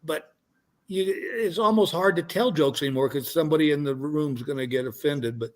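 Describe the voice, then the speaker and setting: Older male comedian guest, slightly high voice, loose rambling delivery. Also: normal speed. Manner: rambling, restarts often. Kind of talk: casual chat, storytelling.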